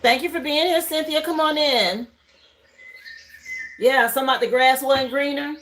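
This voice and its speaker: A woman hosts a casual live tarot reading from her home livestream setup with incense burning, chatting, greeting viewers, and thinking aloud over the cards. Her voice is high-pitched, steady, and fairly bright at a moderate pace. The audio is poor, with slight background noise.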